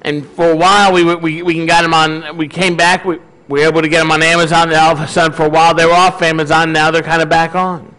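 A man's voice: on the high side, flat delivery, quick pace, few pauses, bright, forceful tone, poor audio. A male pastor giving a casual, conversational sermon and often asking his congregation questions.

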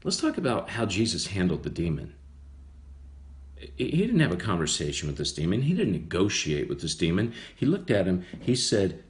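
Deep-voiced man preaching a casual Bible study. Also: huge pitch swings, normal speed. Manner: conversational, repeats phrases for emphasis.

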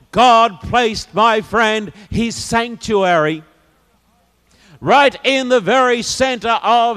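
A man preaching a sermon, swinging from loud declarations to hushed, intimate asides. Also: high-pitched. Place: church or meeting hall. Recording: long hall reverb.

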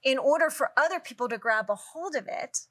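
A woman's voice: high voice, animated, brisk, a bit bright. A woman, a guest author on a faith talk show, speaking in an earnest, preacherly way and quoting scripture.

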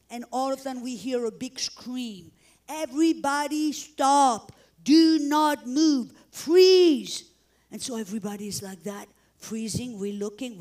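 Middle-aged woman preacher, high voice, dramatic testimony storyteller who acts out the scenes. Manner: dramatic storytelling, acting out shouts and prayers. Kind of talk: testimony sermon.

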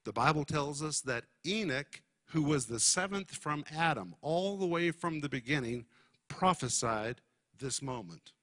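Male Bible teacher, bright tone, emphatic sermon delivery, stops to unpack Greek terms. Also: a little high, lively intonation. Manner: emphatic, explains Greek words slowly.

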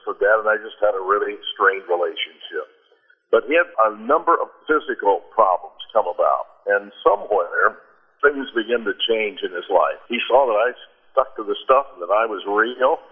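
A man's voice: on the low side, lively intonation, moderate pace, slightly rough. A man, a preacher and guest on a radio interview program, telling a personal story in an earnest, heartfelt way with frequent restarts. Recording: narrow phone-like radio sound.

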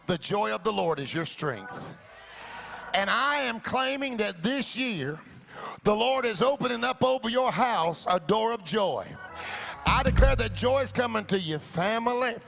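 Gravelly, bright-voiced woman pastor preaching. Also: on the high side, lively intonation, measured pace, faint music behind. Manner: emphatic call-and-response preaching, sing-song cadence. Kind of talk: sermon. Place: church sanctuary.

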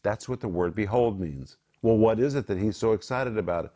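A man's voice: lowish voice, a little fast, few pauses, mellow. A man co-hosting a Christian program, teaching from the Bible in an emphatic preaching cadence.

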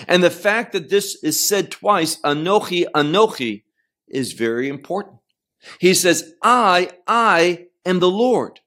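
This Bible teacher's voice sits fairly high and sounds a bit bright. Moving slowly through the verses, he emphasizes important words and puts questions to those listening.

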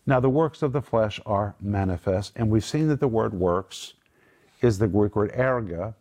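Earnest preaching man, low voice. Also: moderate pace, darkish tone. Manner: earnest, emphatic preaching that moves into spoken prayer; explains Greek word meanings patiently. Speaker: Bible teacher and host. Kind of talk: Bible teaching in a studio group discussion.

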